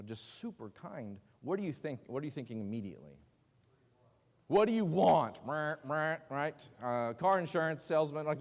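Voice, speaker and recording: A man's voice: medium pitch, a little mellow. A man teaching a casual Bible class at church, joking and asking the class questions as he talks. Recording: long hall reverb.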